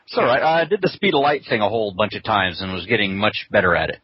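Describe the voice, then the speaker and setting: A man's voice: on the low side, sing-song, quick pace, slight background noise. A man co-hosting a casual gaming podcast, giving dry, brief remarks. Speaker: podcast co-host. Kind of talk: casual chat. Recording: dry lo-fi audio.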